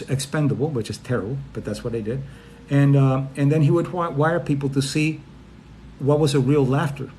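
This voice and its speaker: A middle-aged male psychologist chats through viewers' questions in a live stream, at a mid-range pitch. He talks loosely and conversationally, now and then acting out little voices to make a point. A faint noise sits under the recording. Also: darkish tone. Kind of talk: casual live Q&A talk.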